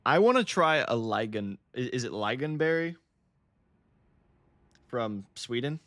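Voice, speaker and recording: A man's voice: mid-range voice, expressive, measured pace, a bit bright, dry recording. An American man chatting casually to his live-stream chat, often laughing, swearing and stumbling over words. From United States.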